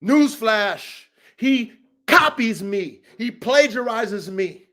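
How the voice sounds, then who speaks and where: A man with a high voice for his sex, hosting a dog-training podcast. He rants in a heated, confrontational way, swearing freely and repeating himself for emphasis. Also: expressive, slow, fairly bright tone. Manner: profane, repetitive, confrontational. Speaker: dog trainer and show host.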